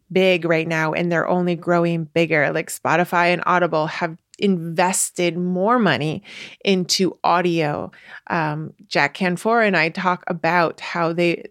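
A woman's voice: lowish voice, no echo, studio quality. A woman hosting a podcast, giving writing advice in a chatty, casual way with many fillers, restarts and light laughs. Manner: laughs lightly while explaining. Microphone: podcast mic.

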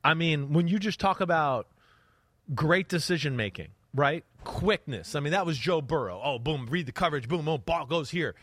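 A podcast host and quarterback analyst with a fairly high voice breaks down football film in casual chat at a normal speed. He gets animated, acting out a quarterback's reads with little sound effects, and the recording is dry and close-miked with no room around it.

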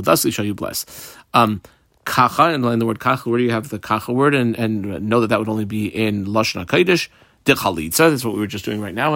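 A man's voice: mid-range voice, fairly bright tone, dry recording, studio quality. A man teaching a Talmud class. He explains the text in English, mixing in Hebrew and Aramaic terms, with frequent fillers.

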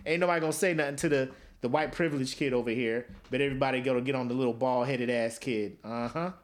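A man's voice: medium pitch, fast. A man co-hosting a podcast, telling stories in a casual comedic chat and slipping into silly voices. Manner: animated storytelling, slips into silly voices. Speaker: podcast co-host.

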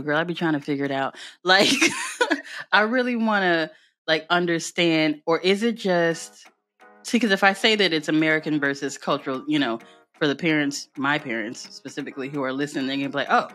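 Low-voiced animated woman podcast host. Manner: animated, laughing storyteller, acts out family voices. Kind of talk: casual podcast conversation.

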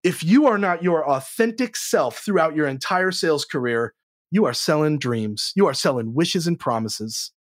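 A man with a fairly high voice talks sales training with blunt energy. He swears freely and jumps up in pitch to stress his points. The sound is dry and close. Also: expressive, moderate pace, no room sound. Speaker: sales trainer, podcast guest. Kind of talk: casual interview chat.

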